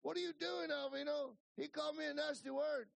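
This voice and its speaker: A terrified male veterinarian, squeaking very high and pleading, as a preacher acts him out. The room is dry. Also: fairly even intonation, brisk, vocal fry, no echo, full character voice. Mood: panicked. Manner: frantic, pleading. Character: panicked male veterinarian, frightened.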